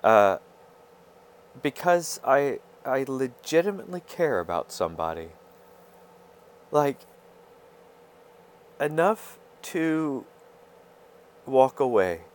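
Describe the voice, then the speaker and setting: A man hosting his own podcast, talking through a halting, confessional monologue full of fillers and restarts. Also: medium pitch, very animated, a little hiss or hum. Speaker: podcast host. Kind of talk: rambling personal monologue.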